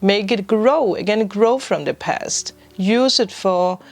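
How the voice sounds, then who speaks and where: A woman giving a spiritual tarot reading to her viewers, emotional and teary, laughing through tears as she offers gentle, reassuring guidance. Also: mid-range voice, slow pace. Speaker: tarot reader.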